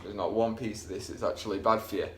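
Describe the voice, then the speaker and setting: A man's voice: fairly low pitch, steady tone, fast talker, background noise. A man chatting casually as he cooks in his home kitchen, rambling and poking fun at himself. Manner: chatty, rambling, self-deprecating. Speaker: home cooking vlogger. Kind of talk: casual cooking commentary.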